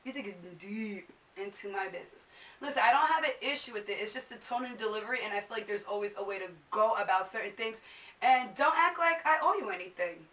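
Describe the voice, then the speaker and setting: Young woman vlogger from New Jersey, exasperated casual rant, sharp bright voice, mic a little far off. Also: medium pitch, fast talker. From New Jersey, USA. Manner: animated, exasperated, acts out other people's questions. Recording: echoey room, voice a little off-mic.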